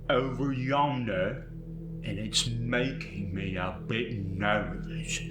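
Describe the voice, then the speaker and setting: A man voicing a menacing British figure in a low baritone, slow and tight-lipped. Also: roomy sound.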